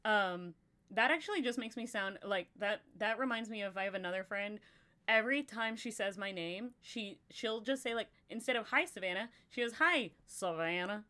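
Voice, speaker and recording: A woman's voice: mid-range voice, moderate pace, pushed and bright. Rambling young woman chatting on a stream. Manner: rambling, lots of filler likes. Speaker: podcast co-host. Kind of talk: casual live-stream chat.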